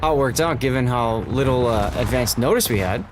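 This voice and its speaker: A man's voice: medium pitch, a little fast. A man casting a game tournament in casual livestream chat, easygoing and rambling, with a scratchy voice. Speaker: tournament caster.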